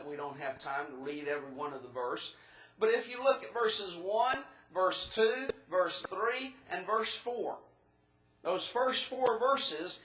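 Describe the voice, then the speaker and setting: A man's voice: high voice, bright, forceful tone, echoey room, low-quality recording. A man preaching an expository sermon in a church, laying out his points methodically, step by step.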